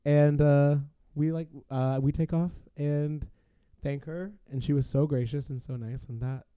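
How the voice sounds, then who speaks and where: A man's voice: a little high, a little slow, clear, resonant tone, no room sound, muffled recording. A man telling a wild party story as a podcast guest. He talks casually with lots of fillers and breaks into laughter. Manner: animated, laughing, filler-heavy.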